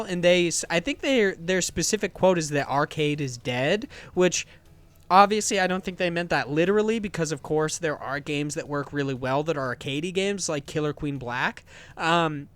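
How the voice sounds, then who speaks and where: A man's voice: a little high, expressive, normal speed, fairly bright tone, smooth, no room sound. A man hosting a games podcast, chatting casually and enthusiastically, rambling with restarts. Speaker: podcast host.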